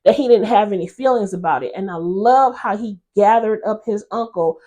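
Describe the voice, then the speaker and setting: A woman hosting a casual episode recap, chatty and expressive as she retells the characters' quarrels. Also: mid-range voice, normal speed. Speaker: host recapping a TV drama episode.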